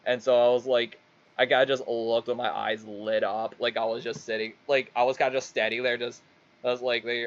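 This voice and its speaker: A man's voice: medium pitch, flat delivery, quick pace. Rambling man telling a story, muffled. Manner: rambling, stumbling, swears a lot. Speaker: streamer. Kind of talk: casual storytelling.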